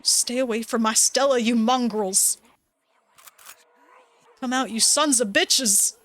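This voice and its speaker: A woman voicing a gruff older rural man, loud and folksy, fiercely protective of his chickens. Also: sits high, moderate pace. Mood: enraged. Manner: folksy, blustering, raised voice.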